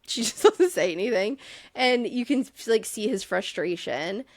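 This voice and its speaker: A woman co-hosting a podcast, recapping a reality show in casual chat, exasperated and profane, with quick asides. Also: medium pitch, animated, no room sound, studio quality. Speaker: podcast co-host.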